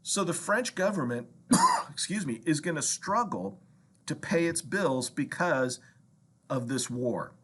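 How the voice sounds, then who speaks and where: A male history professor giving a college lecture, animated and often asking "right?" and repeating words. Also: a little high, unhurried, breathy edge.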